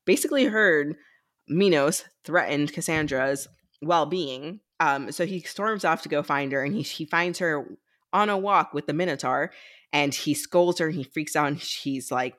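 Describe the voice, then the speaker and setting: A woman's voice: low voice, normal speed, fairly bright tone. Chatty woman recapping a book. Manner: chatty recap with quoted character lines and laughs. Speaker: podcast co-host leading a book discussion. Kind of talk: casual book-club chat.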